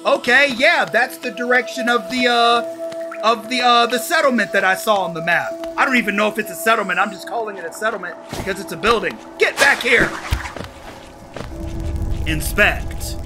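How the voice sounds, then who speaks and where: A man playing a video game and commenting excitedly, talking to himself as he goes. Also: sits high, moderate pace, music in the background. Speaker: gaming YouTuber. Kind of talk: let's play commentary.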